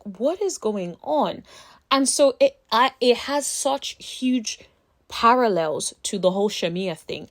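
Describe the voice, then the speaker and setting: A woman giving casual commentary as a reality TV recap vlogger, telling stories in an animated way and acting out other people's lines. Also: fairly high pitch. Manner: animated storytelling, acts out friends' voices.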